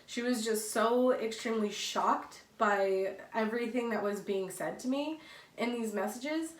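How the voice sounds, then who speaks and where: A woman's voice: a little high, a bit bright. A young woman vlogger telling a storytime in a casual, rambling way, full of fillers and little laughs, recorded on headphones at home. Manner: rambling, many fillers and laughs, acts out quoted texts. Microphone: headphones with a cord. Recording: echoey room, voice far from mic.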